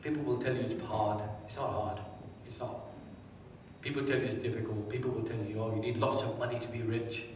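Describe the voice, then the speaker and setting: A man giving a live seminar, quizzing the audience and telling anecdotes in a lively way. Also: mid-range voice, a little fast, a little hiss or hum. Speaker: motivational speaker. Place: large hall with a live audience. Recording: echoey hall, distant mic.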